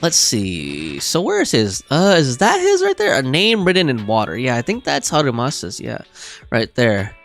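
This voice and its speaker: A man's voice: medium pitch, wildly swooping pitch, normal speed, fairly bright tone. Young guy rambling on his stream, lots of ums, bouncy voice, bit of music behind. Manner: rambling, chatty, many fillers and restarts. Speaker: game streamer. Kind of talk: casual live-stream chat.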